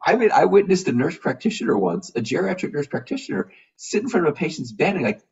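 A man's voice: fairly high pitch, quick pace, vocal fry, husky. A man, a physician guest, talking in a casual interview and acting out the voices he quotes. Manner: animated, acts out quoted voices. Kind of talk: conversational interview. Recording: dull lo-fi video call audio from a distance.

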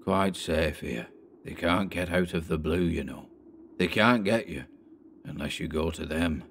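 A man voicing a broken, crawling male wanderer in an audiobook reading, speaking slowly in a hushed whisper. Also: sits low, slight background noise. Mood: eerie.

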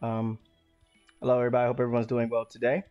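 A man casually streaming a game, rambling and restarting his sentences, sometimes bursting into loud exclamations. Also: medium pitch, completely flat delivery, fast talker, dull audio, faint music behind. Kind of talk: casual let's-play commentary.

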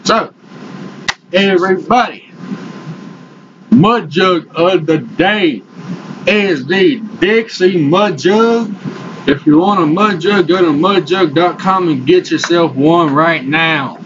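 A man's voice: a little high, lively intonation, slow pace. A young man, vlogging in a rowdy, profane rant while talking with tobacco in his lip. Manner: rowdy, swears constantly. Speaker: vlogger reviewing dip. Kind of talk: casual profane vlog rant. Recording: dull lo-fi audio with loud background noise.

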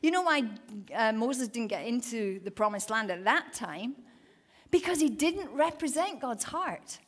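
A woman preaching a sermon at a women's event, telling Bible stories with lively, acted-out quotes. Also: fairly high pitch, a little slow. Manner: animated storytelling, acting out quoted voices. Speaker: women's ministry speaker. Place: event hall.

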